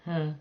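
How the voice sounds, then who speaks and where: A middle-aged woman with a London accent, chatting casually and bluntly with viewers during a game stream, cheeky and swearing freely. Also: dull audio. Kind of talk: casual chat.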